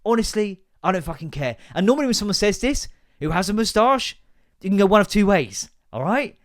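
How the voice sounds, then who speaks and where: A man, hosting a casual solo podcast and ranting in a sweary, sarcastic, animated way. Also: high voice, a little fast. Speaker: podcast host.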